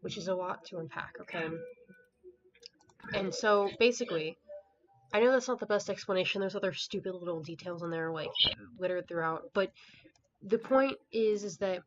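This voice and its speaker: A woman's voice: medium pitch, moderate pace. A woman reviewing a book in a casual vlog, recapping the plot in a rambling way with lots of filler words and an exasperated, dismissive tone. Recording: dull lo-fi home recording with faint hiss.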